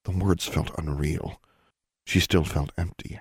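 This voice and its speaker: A man calmly narrating an audiobook. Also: extremely low pitch, measured pace, husky, no room sound, clean studio sound. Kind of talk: scripted narration.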